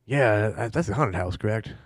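Casual boozy young pastor played by a male game master, low and offhand, curses freely. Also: expressive, moderate pace, no room sound, clean studio sound. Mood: easygoing. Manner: casual, drawling, swears offhandedly. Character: laid-back hard-drinking young male pastor. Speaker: small-town pastor.

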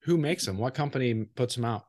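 A man hosting a relaxed interview, posing easygoing questions in a voice of middling pitch. His delivery is conversational and unhurried. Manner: easygoing, asks follow-up questions. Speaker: interview host.

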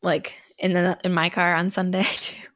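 A woman's voice: on the low side, little pitch movement, moderate pace, a bit bright, no room sound, clean studio sound. A woman in her thirties co-hosting a podcast, chatting casually and rambling with lots of fillers. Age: 30s. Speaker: podcast co-host. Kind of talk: casual chat.

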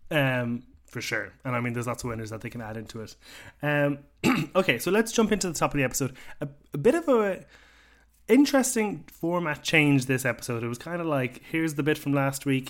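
Podcast host guy from the british isles, easygoing, throws questions at his guest. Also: medium pitch. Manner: conversational, steers the talk with questions. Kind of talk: casual podcast chat.

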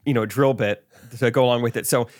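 A man co-hosting a podcast in casual chat, curious and quick with follow-up questions. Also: medium pitch, steady tone, dry recording, studio quality. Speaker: podcast co-host.

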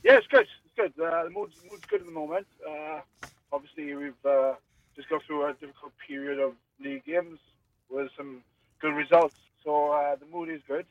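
A man's voice: a little high, wildly swooping pitch, normal speed, vocal fry, no echo, far from the mic, phone-quality sound. A man, a rugby player joining by phone as a guest, chatting easily and laughing often. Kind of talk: casual phone interview.

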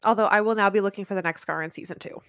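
A woman's voice: medium pitch, very fast, fairly bright tone, no room sound. Playful woman podcast co-host, dry sound. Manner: playful, laughs often, acts out quotes. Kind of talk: casual chat, recapping a TV episode.

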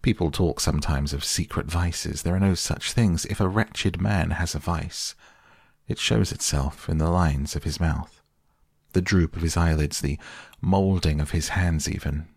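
Grave, earnest painter voiced by a man reading aloud: very deep and gravelly, softly read for a bedtime audiobook. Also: unhurried, no echo, studio quality, heavily acted. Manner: earnest, pleading.

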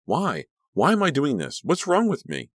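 A man's voice: on the high side, huge pitch swings, moderate pace, husky, dry recording, studio quality, voice pushed up, full character voice. A man voicing a fierce, frightened teenage girl in an audiobook, with a breathless, agitated delivery. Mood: panicked.

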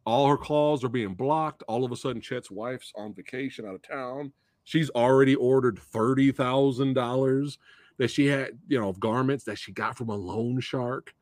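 A man hosting a casual movie discussion, retelling scenes in an animated way and acting out the characters' lines. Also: mid-range voice, normal speed, no room sound, clean studio sound. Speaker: podcast host.

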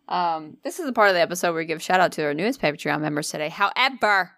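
A woman's voice: deep voice, lively intonation, racing, gravelly, a bit bright, dry recording, clean studio sound. A woman co-hosting a podcast, chatting casually with swearing and self-deprecating jokes. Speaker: podcast co-host. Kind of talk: casual chat.

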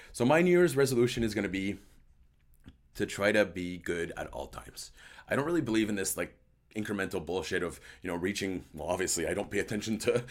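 A man with a slightly low, hoarse voice and a light French-Canadian accent hosts a casual chat show. He sounds worn out and rambles, pokes fun at himself and drifts between English and French. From Quebec, Canada. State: tired. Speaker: host. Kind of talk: casual chat to a live stream chat.

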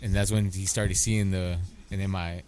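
A middle-aged man co-hosting a podcast, telling animated stories in casual chat, acting out quotes and swearing freely. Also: low voice, moderate pace. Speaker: podcast co-host.

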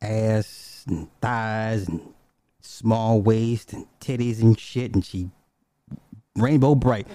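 A man telling a personal story in a casual, profane, animated way, swinging from low mutters to high exclamations. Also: slow, clear, resonant tone, no echo.

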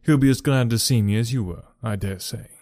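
A man's voice: mid-range voice, fairly quick, a little mellow, no echo, clean studio sound, close to an everyday voice. A man voicing a surly, half-drunken seaman-turned-butler who talks with a sneer. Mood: sulky. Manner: sneering, insolent.

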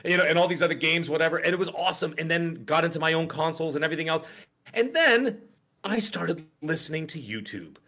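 Fast and with few pauses, a middle-aged male co-host with a fairly high, sharp-toned voice tells a long, rambling story on a podcast. The casual chat is full of fillers and asides.

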